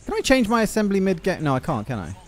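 A man giving jokey, self-mocking gameplay commentary with quick asides. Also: sits high, wildly swooping pitch. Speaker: gaming YouTuber.

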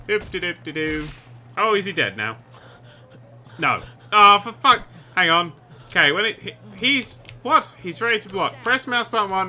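A man commentating over a video game he is playing, excitable and sarcastic, swearing often. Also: on the high side. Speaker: gaming commentator. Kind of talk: let's play commentary.

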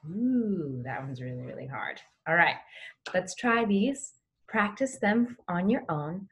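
Lively encouraging woman teaching. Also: fairly low pitch, slow. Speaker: teaching artist. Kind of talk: guided lesson for kids at home.

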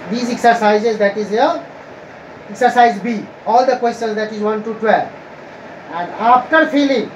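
A woman teaching a grammar lesson to students, explaining slowly and repeating herself. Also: a little high, darkish tone, lo-fi sound. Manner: slow, repetitive explaining to students. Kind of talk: recorded online grammar lesson. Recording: echoey room with faint ambient noise.

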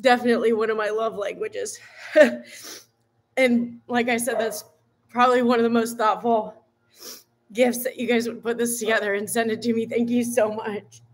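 A woman's voice: a little high, steady tone, moderate pace, a little hiss or hum. A woman fitness coach chatting live with her viewers, bubbly and giggly, gushing often. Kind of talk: live stream chat with viewers.

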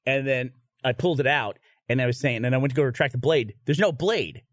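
A man hosting a podcast, telling a story in a casual, animated way, swearing and laughing through it. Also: mid-range voice, a little fast, no room sound, studio quality.

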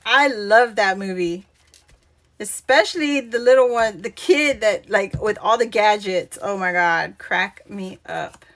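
A woman's voice: medium pitch, a little slow, a bit bright. A woman hosting a live craft stream, chatting casually, laughing often and greeting viewers by name. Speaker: crafting channel host.

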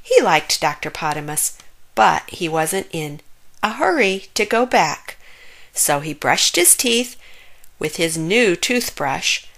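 A woman reading a children's story aloud with expressive, playful narration. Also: lowish voice, slow pace, gravelly.

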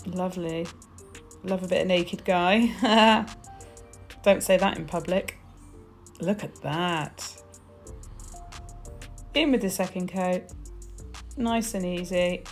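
A woman's voice: fairly low pitch, takes it slowly, pauses often, faint music behind. A British woman chatting casually through a nail polish tutorial, gushing with little exclamations as she goes. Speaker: nail technician demonstrating polish swatches.

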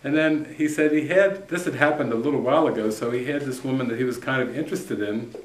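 A man's voice: medium pitch, fast. Man telling a laughing anecdote in an echoey room. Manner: animated anecdote, often laughing and acting out quotes. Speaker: spiritual teacher. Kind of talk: storytelling to a retreat group. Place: retreat center room.

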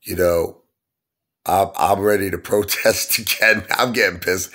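A man's voice: low voice, fairly even intonation, measured pace, pushed and bright. A middle-aged man, ranting in an exasperated vlog monologue full of rhetorical questions. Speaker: online stock vlogger.

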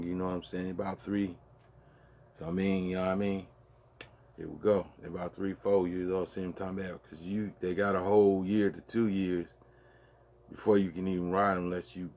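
A deep-voiced man with a husky, grainy tone tells a rambling story in an easy, conversational way. He keeps checking in with the listener and circles back on his words as he goes. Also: a little mellow. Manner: loose and conversational, peppered with "man" and "you dig"; drawn-out, trailing delivery with many restarts. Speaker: show host. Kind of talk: casual storytelling monologue.

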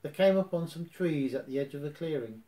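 A man reading a children's story aloud in a lively, expressive way. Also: fairly high pitch, a little fast. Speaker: narrator.

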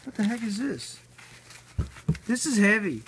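Slow-talking, gushing woman unboxing a parcel. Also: mid-range voice, noisy background. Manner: effusive, slangy, swears, stammers when excited. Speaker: RC hobby vlogger. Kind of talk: unboxing vlog.

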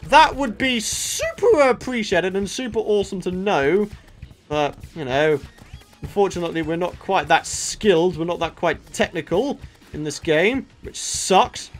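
A man's voice: high-pitched, animated, unhurried, soft background music. A man giving Let's Play commentary, exasperated and exclamatory, swinging from mutters to outbursts. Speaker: gaming YouTuber.

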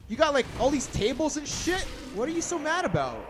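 A young man commentating a blind playthrough of a hard video game, swearing and shouting at enemies, then muttering to himself. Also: huge pitch swings, fairly quick, faint music behind. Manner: swearing, yelling at enemies, sudden pitch jumps. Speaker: gaming channel host. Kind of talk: blind let's play commentary.

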